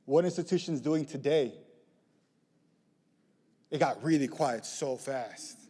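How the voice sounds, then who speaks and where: A young man giving a lively lightning talk, joking with the audience and pushing them into call-and-response. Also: mid-range voice, takes it slowly. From southeast side of Chicago. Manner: playful, rallying crowd call-and-response. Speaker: community organizer speaker. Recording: reverberant hall, live talk.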